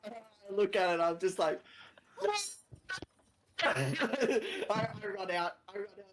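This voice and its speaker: A man with an Australian accent playing his character at a tabletop game, giggling and swearing in quick asides. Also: high-pitched, lively intonation, crowd noise. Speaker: player. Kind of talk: casual tabletop role-play.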